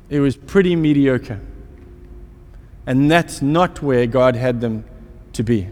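A man's voice: on the high side, darkish tone. A man preaching a sermon, telling a self-mocking story and asking the listeners rhetorical questions. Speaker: pastor. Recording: long hall reverb.

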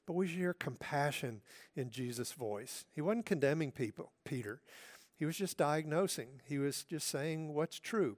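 A male pastor preaching a sermon in an earnest way, now and then dropping to a soft hush for emphasis. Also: fairly high pitch.

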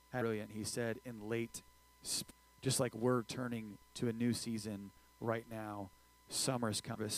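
A man preaching a sermon in a lively, joking way, swinging between loud and quiet. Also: mid-range voice, low-quality recording. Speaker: pastor.

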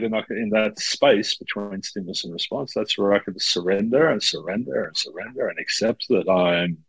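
Man, low voice, coach on a podcast, expressive storytelling, dry close sound. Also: creaky, slightly rough, no echo, low-quality recording. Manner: expressive storyteller, swears freely. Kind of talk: casual podcast chat.

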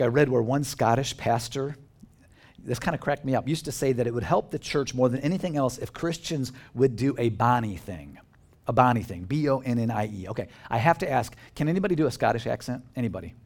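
A male pastor giving a conversational sermon in a church, joking with the congregation and asking them questions. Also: medium pitch. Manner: conversational and animated, jokes with the congregation.

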